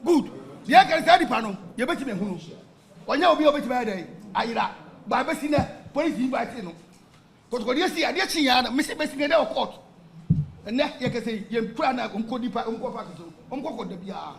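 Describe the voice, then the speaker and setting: A man's voice: very high-pitched, fast, creaky. A man with a Ghanaian accent, a football supporter talking with passion on radio and switching between Twi and English. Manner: mixes Twi and English, animated and emphatic. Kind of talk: impassioned radio talk.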